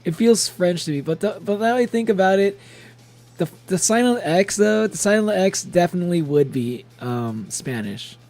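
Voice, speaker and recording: Young male streamer, slightly high gravelly voice, rambly and giggly chat. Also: lively intonation, moderate pace, darkish tone. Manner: rambling, laughs often, chatty. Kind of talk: casual gameplay streaming chat.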